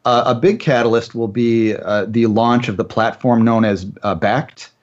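A man's voice: medium pitch, fairly even intonation, moderate pace, highs cut off. A man as a guest analyst on a finance radio show, talking in a chatty way with many uh fillers and giving confident opinions.

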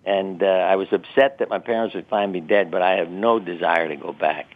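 A man's voice: sits low, fairly even intonation, a little fast. Older man telling stories over a tinny line. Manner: reflective, chatty, wry laughs at himself. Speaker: guest. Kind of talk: interview storytelling. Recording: tinny phone-line sound.

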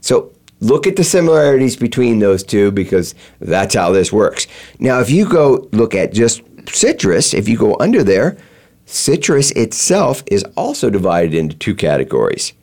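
Low-voiced man explaining with halting fillers. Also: very animated, darkish tone. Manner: halting, many fillers and restarts. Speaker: show host. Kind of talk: explanatory chat.

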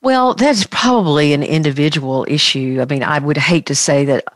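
A woman psychologist explaining in a measured, thoughtful way during a conversational interview, using clinical terms. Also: sits low, no room sound. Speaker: psychologist guest.

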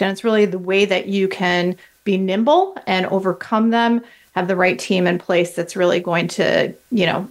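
A woman answering as a panel guest, thoughtful, with frequent hesitations. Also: mid-range voice. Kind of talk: panel discussion.

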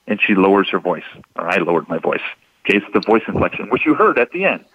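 A man's voice: sits low, sing-song, fast talker, slightly rough, dry recording. A man explaining deception cues in an instructive, emphatic manner on a radio talk show. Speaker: deception expert guest. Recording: dull lo-fi radio audio.

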